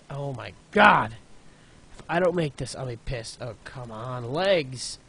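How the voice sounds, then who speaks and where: A man plays a video game and gives frustrated commentary, exclaiming at each failure and muttering between tries. His voice sits fairly high, swings widely in pitch and moves at a slow pace, over clear background noise. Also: fairly bright tone. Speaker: gaming YouTuber. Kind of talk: let's play commentary.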